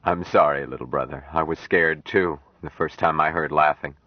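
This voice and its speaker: A calm, wondering man raised apart from humankind, as a male reader plays him, slow, earnest and gently solemn. His voice sits very low, and the recording is dry and slightly dull. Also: no room sound.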